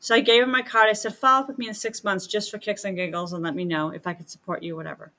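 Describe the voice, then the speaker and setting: A woman's voice: medium pitch, steady tone, fast talker, bright, forceful tone. A middle-aged woman talking as a podcast guest, a medium and healer who chats casually and acts out quoted dialogue as she tells stories.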